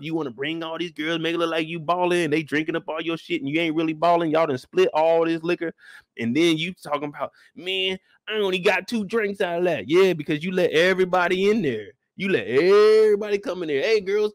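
Brief: outspoken male reviewer, high tenor, dry close sound, blunt and profane, animated rant. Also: fast, no room sound. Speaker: show reviewer. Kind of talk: ranting show commentary.

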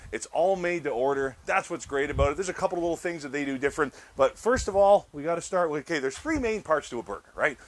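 This cooking channel host talks fast, with few pauses, in an expressive, slightly high voice. He runs his own show, casually addressing viewers while demonstrating a recipe and often repeating words along the way.

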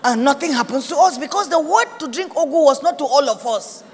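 Nigerian woman pastor, high voice, emphatic sermon delivery, long hall reverb. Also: animated, a little fast, slight background noise. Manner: emphatic, repetitive preaching with quoted prayers.

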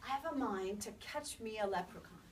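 A woman's voice: on the high side, a little fast, natural voice. A woman doing a bold, impatient young lass. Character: lazy headstrong young girl. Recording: distant mic, faint background noise.

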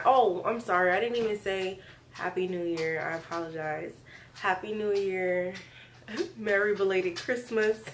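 Young woman, casual vlog chat, excitable, lots of fillers, car noise behind. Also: on the low side, rough recording. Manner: excitable, chatty, many fillers. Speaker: vlogger.

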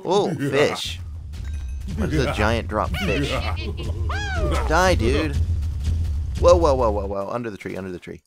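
A young man giving casual gameplay commentary as a channel host, excitable and often yelping in surprise. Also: mid-range voice, measured pace, long pauses, music in the background. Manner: excitable, exclaims and yelps often.

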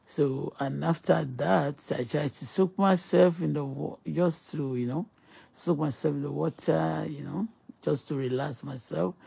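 A woman's voice: deep voice, unhurried, gravelly, mellow, slightly rough. A woman from Nigeria with a Yoruba-tinged Nigerian accent, talking on a phone live stream in an emphatic, repetitive way. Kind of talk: casual live-stream talk and prayer.

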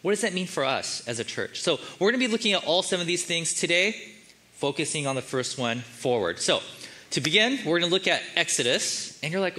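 A male pastor preaching in a loose, chatty sermon style with jokes along the way. His voice sits a little high and sounds bright and forceful. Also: very animated, quick pace. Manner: casual, joking, conversational preaching.

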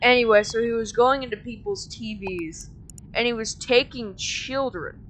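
A woman's voice: a little high, a bit bright, slight background noise, rough recording. A woman telling a story in rambling casual chat, often restarting with "anyway" and snapping back at interruptions. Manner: rambling, lots of "anyway", quick to snap back.

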